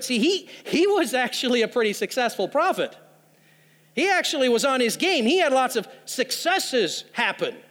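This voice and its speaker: A man's voice: very high voice, a bit bright. A man preaching a sermon, telling a story with humorous asides. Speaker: pastor. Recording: long hall reverb.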